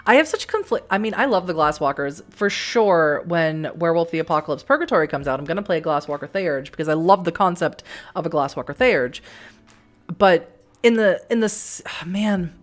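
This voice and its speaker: With an expressive, low voice that moves a little fast, a chatty middle-aged woman from the Boston area, faint accent included, plays a narrative game on stream. She reads aloud and talks to viewers, rambling and laughing and often starting over.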